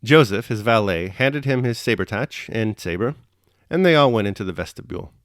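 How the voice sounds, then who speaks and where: Male reader, steady measured narration of a classic novel, low and dry. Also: no echo. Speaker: audiobook reader and host. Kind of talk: reading a classic novel aloud.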